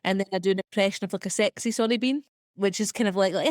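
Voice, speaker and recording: A young woman with a Scottish accent, a comedian talking chattily as a podcast guest, full of "like" and quick laughs. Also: medium pitch, no room sound, clean studio sound. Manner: chatty, filler-heavy, quick self-deprecating laughs. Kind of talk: casual podcast interview.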